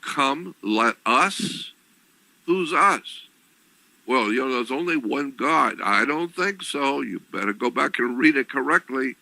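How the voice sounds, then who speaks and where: Slow gravelly-voiced male lecturer. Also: mid-range voice, lively intonation, sharp tone, no room sound, rough recording. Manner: deliberate, repetitive, frequent throat clearing. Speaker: lecturer on religion. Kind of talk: explanatory talk.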